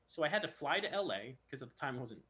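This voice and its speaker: Animated man with a bright, high voice. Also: quick pace. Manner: animated storyteller who acts out quotes. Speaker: voice actor guest. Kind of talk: casual chat.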